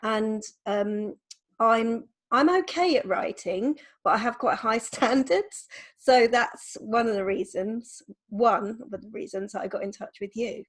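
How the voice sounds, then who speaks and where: A woman's voice: a little high, unhurried. A woman, a photographer, answering interview questions over a video call in a thoughtful, hesitant way. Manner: thoughtful, hesitant, with ums and repeats. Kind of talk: casual conversational interview.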